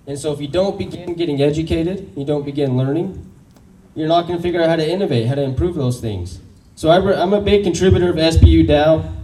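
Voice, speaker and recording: A man giving a hyped, rallying stage pitch and quizzing the crowd. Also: fast talker, mellow, distant mic, low-quality recording. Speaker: pitch presenter. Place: large event room in Austin.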